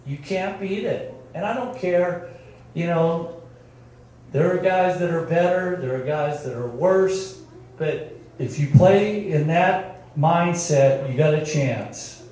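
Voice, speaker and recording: A man's voice: on the high side, slow, warm tone, a little hiss or hum. An older man, a former football coach, giving a folksy, storytelling speech at a team reunion. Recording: very echoey, from far off.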